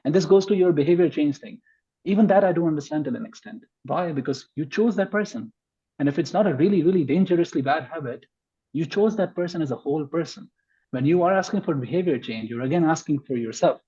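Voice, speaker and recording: Husky-voiced man making his case. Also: fairly high pitch, lively intonation, quick pace, warm tone, lo-fi sound. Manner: emphatic, argues point by point. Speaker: podcast guest. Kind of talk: conversational podcast discussion.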